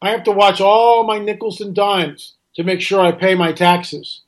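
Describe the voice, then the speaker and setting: High-pitched man ranting on talk radio. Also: fairly even intonation, moderate pace. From United States. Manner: indignant, ranting, rhetorical questions. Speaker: radio talk show host. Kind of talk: opinionated radio monologue.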